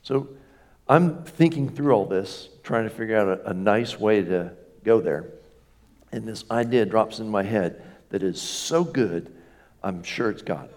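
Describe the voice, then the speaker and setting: A man's voice: on the low side, unhurried, a little mellow. A man preaching as a pastor in a conversational storytelling sermon, folksy, with self-deprecating humor and rhetorical questions.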